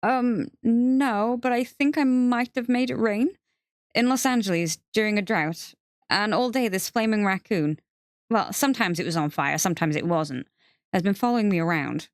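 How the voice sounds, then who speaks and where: A woman's voice: medium pitch, moderate pace, no echo, studio quality, pitched above the performer's own voice, lightly acted. A woman voicing a nervous seventeen-year-old boy who stammers and halts, unsure of himself, in an audiobook reading. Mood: anxious.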